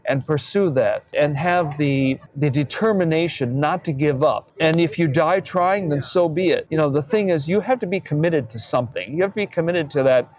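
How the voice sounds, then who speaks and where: A man's voice: on the high side, moderate pace, few pauses, a little mellow. A man, an architect, answering interview questions in an earnest, emphatic way. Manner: earnest and emphatic, tells anecdotes with voiced quotes.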